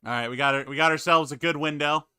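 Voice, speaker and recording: A man's voice: fairly high pitch, fairly even intonation, fast talker, pushed and bright, clean tone, no echo, studio quality. A man hosting a casual stream call with friends, muttering to himself while he fiddles with the stream setup. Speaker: stream host.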